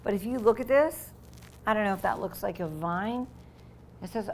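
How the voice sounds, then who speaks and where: Slight background noise accompanies a woman teacher reading a picture book to young children in a medium pitch, stopping to explain words and giving the sound effects lively voice.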